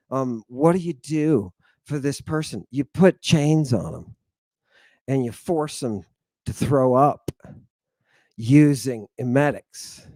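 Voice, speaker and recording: A man lecturing his congregation in a theatrical way, swinging between loud outbursts and low mutters. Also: dry recording. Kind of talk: animated lecture with asides.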